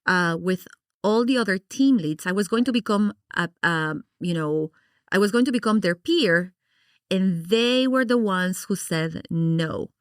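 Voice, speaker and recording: A middle-aged woman from Guatemala, a podcast guest, telling her story in an animated, expressive way and acting out her past reactions. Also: mid-range voice, unhurried, clean tone, no room sound, clean studio sound. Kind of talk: personal storytelling in an interview.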